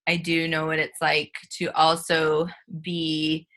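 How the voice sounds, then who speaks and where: Woman host, slow sympathetic talk, bright forceful tone, low-ish pitch. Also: completely flat delivery. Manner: slow, sympathetic, gentle fillers. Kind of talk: casual chat.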